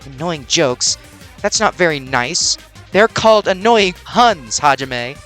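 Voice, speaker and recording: Man voicing a pun-loving dead girl, teasing, lively pitch, faint music behind. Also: slow. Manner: playful, teasing joke delivery. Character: cheerful pun-loving dead young woman. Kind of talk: voicing game dialogue.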